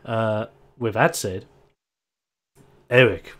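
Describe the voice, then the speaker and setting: A man's voice: lowish voice, extremely slow. A man running a tabletop role-playing game as game master, narrating the action casually and laughing often.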